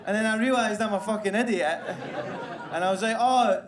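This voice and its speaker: His voice is high and his pace normal, with background noise in the mix. Performing live, the Scotsman delivers a crude comedy set at his own expense while the audience's laughter echoes through the room.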